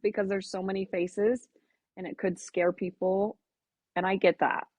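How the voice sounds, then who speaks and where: A woman guest on a podcast, talking in an earnest, reflective, halting way in casual interview chat. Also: mid-range voice, little pitch movement, darkish tone, slightly rough, no room sound. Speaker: podcast guest, melanoma advocate. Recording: dull lo-fi podcast audio.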